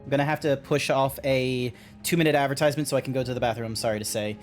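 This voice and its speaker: A man's voice: mid-range voice, steady tone, very fast, faint music behind. A man streaming a video game, chatting casually with his viewers.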